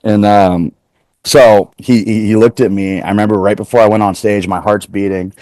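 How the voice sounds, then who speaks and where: A man's voice: fairly low pitch, steady tone, normal speed, dark tone, no room sound. A man from Portland, Oregon, a comedian being interviewed, telling stories casually with lots of "like" and quoted back-and-forth. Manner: chatty, heavy use of "like", retells exchanges in quoted voices. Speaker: comedian guest.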